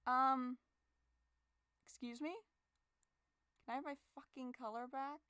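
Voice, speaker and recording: A woman's voice: sits high, steady tone, a little slow, sharp tone, clean tone, no room sound, studio quality. A young woman digital artist, muttering and swearing in exasperation to herself as she works. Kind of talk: frustrated casual talk while drawing.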